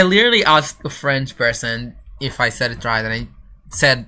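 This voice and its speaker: A man's voice: medium pitch, measured pace, pushed and bright. A man streaming casually while building a game level, rambling and chatting back to his viewers. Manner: rambling, answering chat, mangling French phrases.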